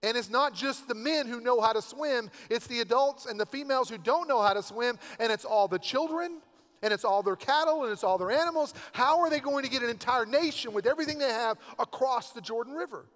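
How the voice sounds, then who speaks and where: Male pastor, high voice, chatty sermon storyteller, reverberant sanctuary. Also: a little fast, fairly bright tone. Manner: conversational, storytelling with asides. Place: church sanctuary. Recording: long church hall reverb.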